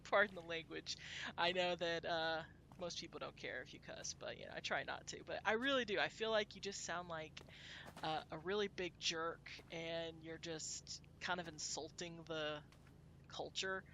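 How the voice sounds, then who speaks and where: A woman's voice: fairly low pitch, moderate pace, fairly bright tone, a little hiss or hum. A woman from Texas, chatting casually to her viewers while she plays a game, rambling and laughing often. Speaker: game streamer.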